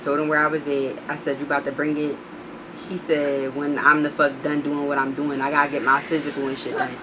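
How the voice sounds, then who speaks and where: A woman vlogger telling a storytime, blunt and profane, animated as she reads out text messages. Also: sits low, brisk, noisy background. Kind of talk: storytime vlog.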